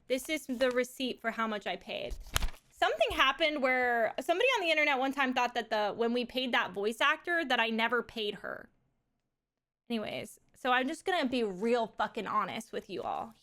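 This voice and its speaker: A woman's voice: a little high, a bit bright. Rambling, laughing woman streamer. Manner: rambling, swearing, laughing often. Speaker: live streamer. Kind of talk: casual live-stream chat. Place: at home.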